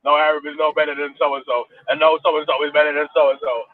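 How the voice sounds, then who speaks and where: A man's voice: a little high, little pitch movement, a crowd in the background. A man hosting a casual online panel, teasing his guests. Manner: teasing, quick-talking. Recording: tinny phone-like line with faint noise.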